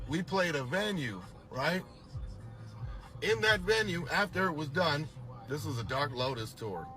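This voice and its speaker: A middle-aged man with a bright, forceful voice, pitched a little above most men, telling a story from his past. He talks in a loose, animated way and swears constantly. Faint music plays behind him. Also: a little slow. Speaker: storyteller recounting a past tour. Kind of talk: profane casual storytelling.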